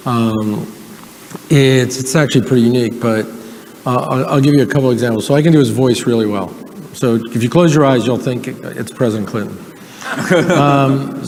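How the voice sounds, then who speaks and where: Guy chatting onstage, easygoing, lots of ums, bit of hall echo and faint room noise. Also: medium pitch. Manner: storytelling, relaxed, frequent fillers. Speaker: guest, hedge fund manager. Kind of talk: onstage conversation. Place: event stage. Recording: live hall reverb, faint ambience.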